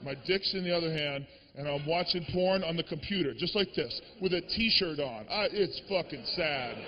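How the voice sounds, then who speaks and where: A man from the Boston area performing a stand-up comedy set, telling stories in an animated, profane way. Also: fairly high pitch, normal speed, in a large hall, dull audio, slight background noise.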